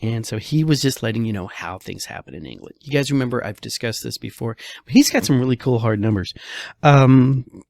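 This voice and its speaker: A man's voice: medium pitch, fairly quick, vocal fry, darkish tone, no echo. A man, a real estate broker, talking through the housing market in a casual, chatty way, full of rhetorical questions and frequent "all right"s.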